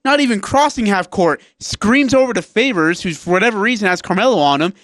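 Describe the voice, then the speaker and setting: A man co-hosting a sports radio show, telling game stories in a lively, casual way. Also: high voice, a little fast, no room sound, clean studio sound. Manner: animated storytelling, acts out players.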